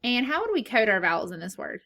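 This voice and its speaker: A woman's voice: fairly high pitch, big pitch swings, fast talker, vocal fry, sharp tone. A woman teaching a phonics lesson to young children, patiently asking questions and then answering them herself.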